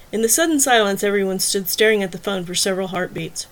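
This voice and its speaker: Brief: female audiobook narrator, steady scripted storytelling, mid-pitched. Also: quick pace, few pauses.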